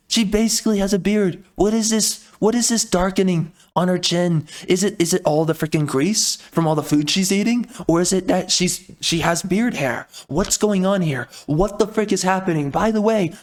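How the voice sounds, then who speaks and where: A man giving a comedic trailer reaction, ranting in an exasperated, indignant way with mild swearing. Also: high-pitched. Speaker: video reactor.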